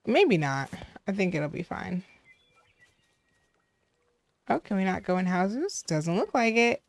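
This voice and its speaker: Curious young woman, lively gameplay chat. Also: mid-range voice, takes it slowly, no room sound. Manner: curious, gasps and coos at cute things. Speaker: gaming video host. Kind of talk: casual gameplay commentary.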